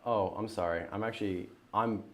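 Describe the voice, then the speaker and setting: A man's voice: lowish voice, steady tone, normal speed. A man hosting a casual painting livestream, joking around and reading out the chat. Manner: laid-back, joking, reads out chat and polls. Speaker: stream host. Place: gaming store.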